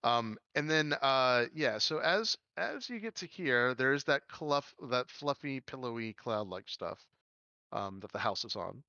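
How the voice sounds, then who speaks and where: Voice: mid-range voice, lively intonation, unhurried, pushed and bright, no room sound, lo-fi sound. A game master narrating a tabletop game in a rambling, filler-heavy way.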